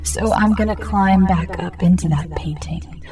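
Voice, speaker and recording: A man's voice: high-pitched, measured pace, crowd noise. A man voicing a sneering painted villain come to life. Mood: commanding. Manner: threatening, sneering. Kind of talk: horror story acting. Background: music.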